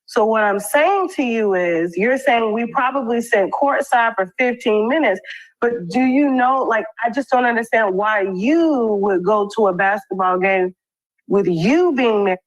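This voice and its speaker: A woman interviewing a guest, firm and measured as she presses her questions. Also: fairly high pitch, rough recording.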